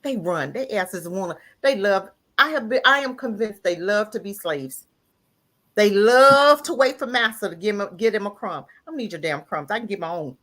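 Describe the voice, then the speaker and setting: A woman's voice: lively intonation, moderate pace, fairly bright tone. A woman calling in to a live talk show, delivering a heated, emphatic rant full of repeated lines. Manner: breaks into laughter and raises voice to near-crying pitch. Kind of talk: impassioned call-in rant.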